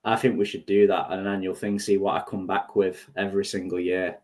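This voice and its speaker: Low-voiced guy w/ mancunian and west yorkshire accent mixed, chatty, jokes about himself, on a call. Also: level tone, a little fast, darkish tone. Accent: mix of Mancunian and West Yorkshire. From Manchester area of England. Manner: chatty, self-mocking. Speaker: event organizer, podcast guest. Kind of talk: casual chat.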